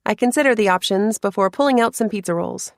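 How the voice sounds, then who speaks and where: A woman narrating a first-person romance story in a soft, confiding way, with hushed asides. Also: medium pitch, fast talker, no room sound, clean studio sound.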